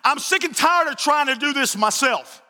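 A woman's voice: high-pitched, animated, normal speed, sharp tone, big-room sound, pitched above the performer's own voice. A man voicing a resolute, determined childless woman who has decided to stand up, in a sermon. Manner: firm, determined.

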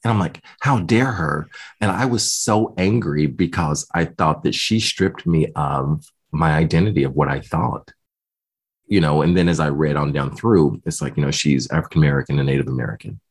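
Telling his own story as an interview guest, a man speaks in a very low, husky voice that turns rough at the edges. His retelling is casual and animated at a normal speed, and he keeps quoting what others said to him, voicing them himself.

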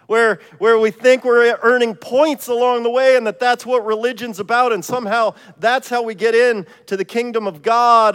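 High-voiced pastor in a reverberant church. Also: male voice, fairly bright tone, smooth. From Ohio. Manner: casual, self-deprecating storytelling. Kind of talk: sermon. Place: church sanctuary.

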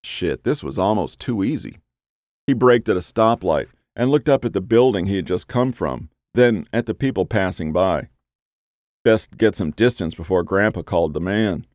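A man reads gritty crime fiction with steady storytelling pacing. His voice sits fairly low. The recording is dry, with no room sound. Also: normal speed, dry recording. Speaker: audiobook narrator. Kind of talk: scripted crime fiction narration.

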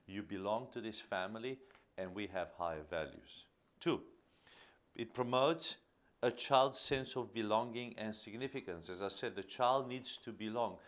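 A man's voice: on the low side, moderate pace, a bit bright. A man hosting a podcast, giving an earnest teaching monologue on parenting and stressing key phrases by repeating them. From Australia. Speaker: podcast host.

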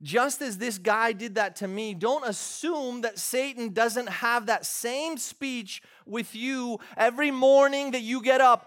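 A man's voice: extremely high pitch, measured pace, hardly any pauses, fairly bright tone. A man, a pastor, preaching a sermon in a church, moving from conversational storytelling to fervent, emphatic preaching.

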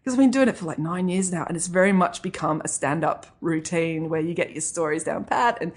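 A woman's voice: lowish voice, fairly quick, husky. A woman, a children's author and comedy writer, chatting in an interview and laughing often. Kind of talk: interview conversation.

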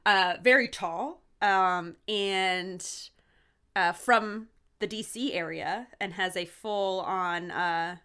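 A woman's voice: mid-range voice, slow pace, clean tone. A young woman co-hosting a podcast in casual chat, rambling into tangents and laughing often. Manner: chatty, laughs often, warm teasing tangents. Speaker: podcast co-host.

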